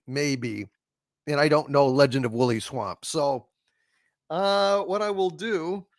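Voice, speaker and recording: A man's voice: a little high, creaky, a bit bright, no room sound, clean studio sound. A man hosting a casual livestream, rambling with many fillers as he hails viewers and reads their messages. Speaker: livestream host.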